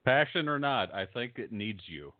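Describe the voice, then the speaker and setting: A middle-aged man co-hosting a casual chat, trading dry, deadpan jokes. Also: medium pitch, moderate pace, narrow, tinny audio. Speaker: podcast co-host.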